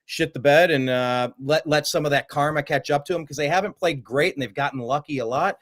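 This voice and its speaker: A man hosting a casual sports chat, animated and quick to mimic other voices in his stories. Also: on the high side. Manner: animated, jumps into mocking voices. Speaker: host.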